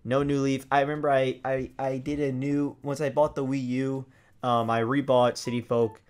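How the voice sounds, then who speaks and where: A young man hosting a gaming vlog, telling a story in a loose, swearing way and acting out his old reactions with sudden loud, high bursts. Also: moderate pace, clear, resonant tone. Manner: animated, swears freely, acts out his past reactions in loud high outbursts. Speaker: gaming video host.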